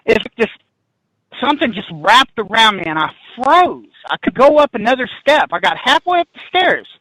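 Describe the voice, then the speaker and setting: Bright-voiced excitable man telling a story. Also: very high-pitched, normal speed, no echo, poor audio. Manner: excitable, restarts sentences, laughs mid-story. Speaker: guest paranormal investigator. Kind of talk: animated storytelling in a podcast interview.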